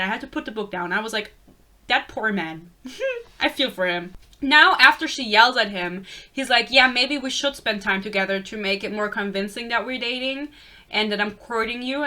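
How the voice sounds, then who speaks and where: A woman in her twenties vents about a book in a blunt, casual rant full of profanity. Her voice is bright and crisp and sits a touch high. She is exasperated and talks straight to the camera. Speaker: book reviewer.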